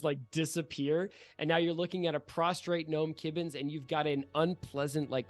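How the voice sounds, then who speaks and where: Lively man narrating as game master. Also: on the high side. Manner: vivid, profane narration with quick rules asides. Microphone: home microphone for an online session.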